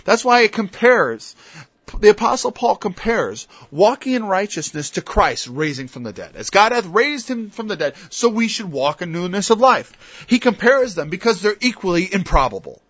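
A man's voice: sits high, very animated, moderate pace, fairly bright tone, slightly rough, no echo. A man preaching an informal Bible-study sermon. He talks conversationally, stops and restarts, then builds to emphatic peaks. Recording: dull lo-fi dry recording.

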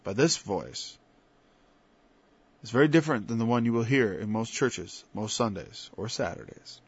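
A man preaching an informal sermon, moving from quiet asides to loud, emphatic passages and quoting scripture in old-fashioned wording. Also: on the low side, lively intonation, moderate pace, husky, no echo. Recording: dull, lo-fi sound.

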